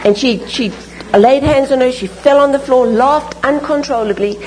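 A woman preaching a sermon, telling stories and praying in an animated, emphatic way with repeated phrases. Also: sits high, moderate pace, slight background noise, rough recording. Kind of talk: sermon with storytelling and prayer.

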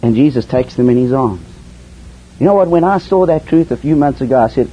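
Preacher man with a lively, swooping voice. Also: a little fast, slightly rough. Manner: swings from hushed lows to soaring highs. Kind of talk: sermon. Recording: dull lo-fi sermon recording with faint hiss.

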